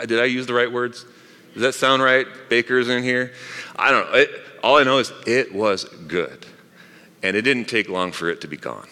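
A man's voice: on the low side, pushed and bright. A middle-aged man, a pastor, preaching a sermon in a chatty way, with asides to the congregation. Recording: long reverb of a large hall.

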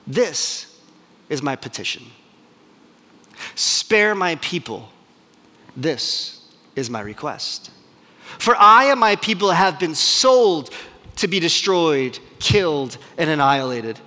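A man's voice: fairly high pitch, sing-song, takes it slowly, pauses often, sharp tone, long reverb tail, heavily acted. A man playing a brave young queen. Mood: pleading. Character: brave young queen pleading before a king.

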